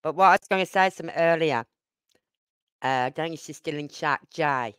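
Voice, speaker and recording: An older livestream host from Birmingham, England, she speaks with a Brummie accent in a deep, somewhat bright voice, talking fairly quickly. She's outspoken and rambles from point to point in casual chat. The sound is smooth, clear, dry and close, with no room sound at all.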